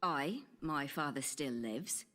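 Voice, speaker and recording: A woman's voice: deep voice, animated, takes it slowly, bright, forceful tone, heavily acted. An actress playing a proper, earnest young Elizabethan woman at a consultation, speaking in formal old-fashioned phrasing. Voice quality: formal archaic diction. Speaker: patient at a consultation.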